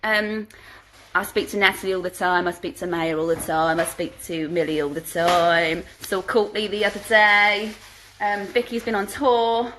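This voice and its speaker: Reading viewer questions aloud and then chatting through her answers, a woman hosts a casual phone livestream from home. She speaks at a moderate pace with fairly even intonation and a medium-pitched, bright, forceful voice, over slight background noise in a low-quality recording.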